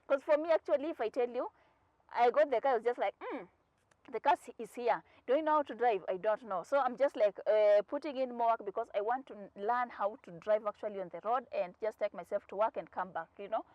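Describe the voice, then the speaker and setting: Chatting casually to her viewers, a young Kenyan vlogger talks fast in a fairly high, bright, slightly raised voice, blending Swahili into her English and playing the characters in her stories. The recording is close and dry, slightly muffled, without echo or room around it.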